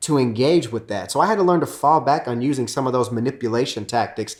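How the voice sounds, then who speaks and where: Earnest man teaching on marriage. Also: fast talker. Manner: earnest, acts out quoted arguments with rising pitch. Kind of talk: teaching on marriage with his wife.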